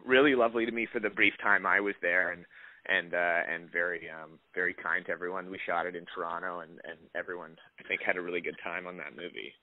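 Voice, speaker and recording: A man's voice: low voice, steady tone, quick pace. A young adult man, an actor, answering interview questions in a casual, rambling way with many restarts. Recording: dry tinny phone-line audio.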